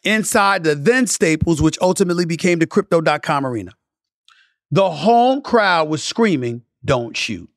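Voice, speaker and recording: A man hosting a sports podcast rants through a solo commentary with a fairly high, forceful voice. He builds to emphatic, passionate runs and then sinks into grumbling asides. It is recorded dry and close, with no room sound. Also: lively intonation, normal speed, dry recording. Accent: New York. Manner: emphatic, rising to impassioned lists and dropping to low asides. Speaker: podcast host.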